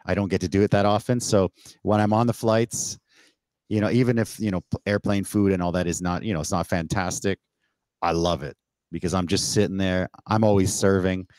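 Lively storytelling Canadian man, lowish voice. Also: brisk, no echo. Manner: animated storyteller who acts out quotes with laughs. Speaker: podcast host. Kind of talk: casual interview chat. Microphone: remote call setup.

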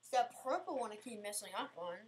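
A woman's voice: a little high, expressive, fast, a little hiss or hum. A woman giving casual, self-mocking gameplay commentary, getting frustrated and talking back at the game. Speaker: gamer playing an obstacle course game.

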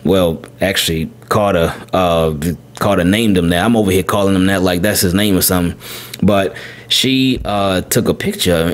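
A man hosting a podcast, telling a family story in a loose, rambling way, repeating words and jumping higher when he quotes his son. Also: moderate pace. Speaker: podcast host. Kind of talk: casual storytelling.

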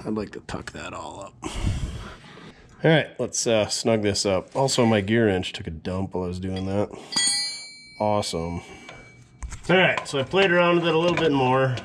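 Laid-back man with a low voice. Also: slight background noise. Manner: laid-back, joking, chatty with viewers. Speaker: mechanic and video host. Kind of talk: casual workshop commentary.

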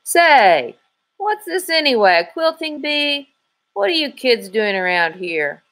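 A woman's voice: high voice, sing-song, measured pace, a bit bright, voice pushed up, exaggerated voice. A woman doing a blunt tough male trooper.

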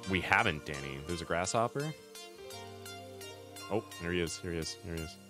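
Lively, low-voiced male game streamer. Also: moderate pace, over music. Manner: chatty, greets chat viewers by name; friendly, thanks viewers often. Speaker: streamer and host. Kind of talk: casual live-stream chat.

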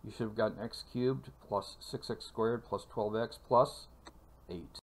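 A man teaching a calculus lecture for video, speaking in a measured way with frequent fillers and pauses. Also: on the low side, gravelly. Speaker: math lecturer.

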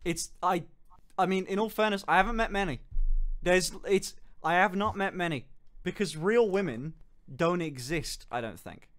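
Joking, swearing streamer man, higher voice. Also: moderate pace, fairly bright tone. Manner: joking, swearing, laughs often. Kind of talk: casual chat on a stream.

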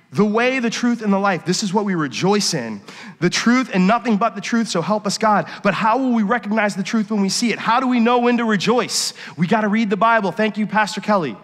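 A middle-aged man, a worship pastor, preaching a sermon and telling personal stories, dropping to quiet confession and rising to emphatic points. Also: high voice, lively intonation, brisk. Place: church sanctuary. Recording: long reverb of a church hall.

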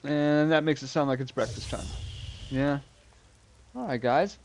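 A man's voice: a little high, unhurried, slight background noise. A man streaming a game, rambling to himself in casual commentary and swearing freely.

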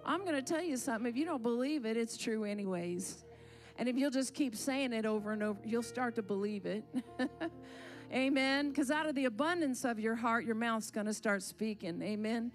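Brief: high-pitched woman leading church worship, fervent and rallying, soft music underneath. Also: moderate pace. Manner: fervent, leads the congregation in laughter. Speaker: worship leader. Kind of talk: church exhortation. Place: church sanctuary.

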